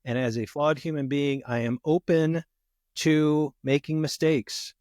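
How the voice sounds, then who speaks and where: A man's voice: fairly high pitch, unhurried, darkish tone, no room sound. Reflective man, dry close sound. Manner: reflective, uses many "you know" fillers. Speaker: guest therapist. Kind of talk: conversational podcast interview.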